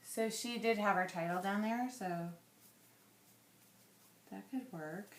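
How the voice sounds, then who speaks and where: A woman in her thirties, chatty and rambling as she thinks aloud while scrapbooking, her voice going a little hoarse. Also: mid-range voice, slow, roomy sound. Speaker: scrapbooking vlogger. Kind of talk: casual crafting chat.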